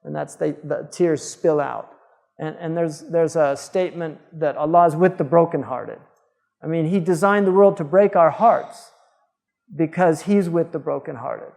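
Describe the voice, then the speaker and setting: A man's voice: fairly high pitch, creaky, darkish tone, big-room sound. A man, a scholar, giving an informal lecture in a conversational, digressive way with frequent fillers. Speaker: Islamic scholar teaching.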